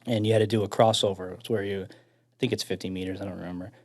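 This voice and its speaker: Animated Chicago man telling a story. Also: sits low, rapid-fire. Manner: animated storyteller, laughs often, swears casually. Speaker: guest firefighter and veteran. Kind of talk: casual storytelling.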